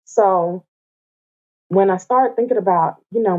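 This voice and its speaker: A woman from the Atlanta area, a podcast guest, chatting casually with animated, playful storytelling. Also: medium pitch, normal speed. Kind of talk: casual conversation. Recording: dull lo-fi remote audio.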